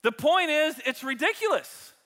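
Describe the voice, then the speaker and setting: A man preaching a sermon to his church, animated and jokey, acting out his illustrations for the congregation. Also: very high voice, moderate pace. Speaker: pastor. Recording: reverberant hall.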